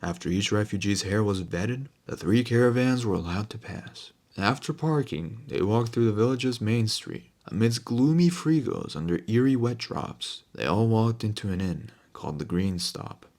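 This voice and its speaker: A man narrating a fantasy audiobook in a steady storytelling manner. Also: on the low side, normal speed, hardly any pauses. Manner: steady storytelling, voices every figure.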